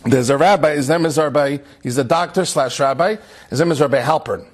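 A man, a rabbi, giving a Torah class and telling a story with lively, acted-out quotes and mixed in. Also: a little fast. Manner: animated storyteller, acts out quotes in a higher voice.

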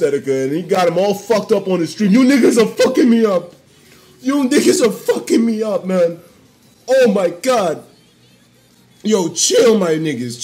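A man live-streaming and reacting to donations in a casual, profane, excitable way, often bursting into shouts, recorded at home on a desktop mic. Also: extremely high pitch. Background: faint music.

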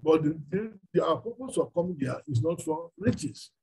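Husky, high-voiced Nigerian preacher. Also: male voice, animated, normal speed, dark tone, rough recording. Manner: emphatic, asking the listeners rhetorical questions. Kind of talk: sermon.

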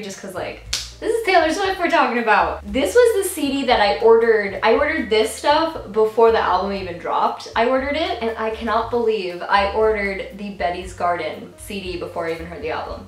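A young woman vlogging an unboxing at home, gushing and excitable, often squealing and laughing. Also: mid-range voice, roomy sound, low-quality recording. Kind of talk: casual unboxing vlog.

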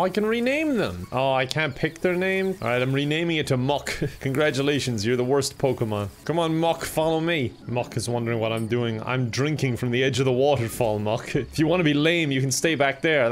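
An excitable man hosting a let's play, laughing often and mocking himself as he plays. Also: medium pitch, slight background noise. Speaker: gaming host.

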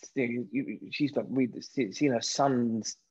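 British guy in his 30s, husky, telling stories on a podcast, dull dry recording. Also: mid-range voice, unhurried. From Britain. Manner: lively storyteller who acts out quoted voices. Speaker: guest actor. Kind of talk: casual interview chat.

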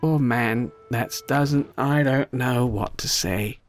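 A young man giving gameplay commentary as a YouTuber, muttering low rants, then swearing and shouting in bursts. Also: slow pace, faint music behind. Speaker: gaming YouTuber.

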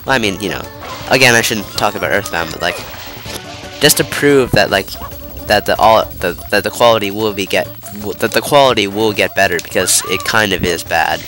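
With game music in the background, a congested young man gives rambling, casual commentary on the game he's playing. His voice is lowish, pushed, and bright, nasal from a cold, and he keeps interrupting himself and reaching for fillers.

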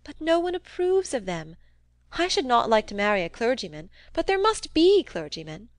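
A woman's voice: on the high side, big pitch swings, moderate pace, no room sound, voice pushed up. A woman reading the part of a prim, mild young woman who complains in a lifted, reproachful tone.

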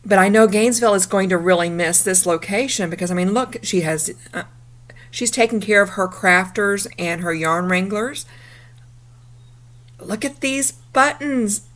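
A woman, chatting upbeat in a casual travel vlog, her voice a little rough from the morning. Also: medium pitch, moderate pace. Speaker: vlogger.

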